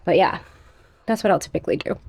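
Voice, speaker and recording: This plant vlogger, a young woman, talks fast in a fairly low, gravelly and husky voice with no room sound. Her plant care vlog is casual and chatty; she's a bit breathless, giggly at times, and murmurs gently to her plants.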